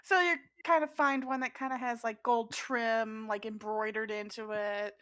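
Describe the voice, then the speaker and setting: A woman's voice: fairly high pitch, fairly even intonation, moderate pace, fairly bright tone, no echo. A woman running a tabletop game as game master, narrating scenes in an easygoing, descriptive way and laughing often.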